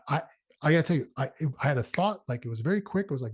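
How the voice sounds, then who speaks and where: A man's voice: fairly high pitch, animated, fast. A middle-aged man hosting a show, talking casually and telling stories with many fillers and restarts. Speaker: podcast host. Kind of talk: casual solo talk.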